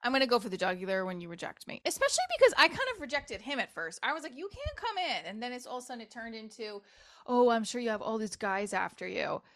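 A woman's voice: a little high, expressive, quick pace, a bit bright. Woman in her forties, solo podcast host, casual, candid, profane, rambling. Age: 40s. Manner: candid, profane, jumps between topics.

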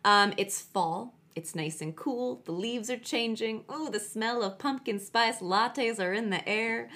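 A woman's voice: fairly high pitch, unhurried, bright, forceful tone. A woman from Utah hosting a casual true-crime podcast, telling the case in a chatty way with jokey asides and a graver tone for the facts.

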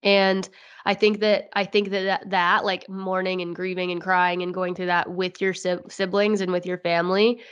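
A woman's voice: fairly low pitch, flat delivery, moderate pace, clear, resonant tone, lo-fi sound. A woman co-hosting a podcast in casual chat, earnest and often repeating her words. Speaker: podcast co-host.

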